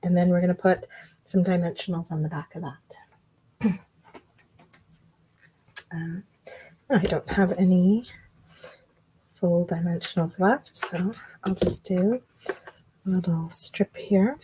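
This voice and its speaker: A woman giving a relaxed card-making tutorial, chatting and thinking aloud as she works. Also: fairly low pitch, takes it slowly, pauses often, a little hiss or hum, poor audio. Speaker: craft demonstrator.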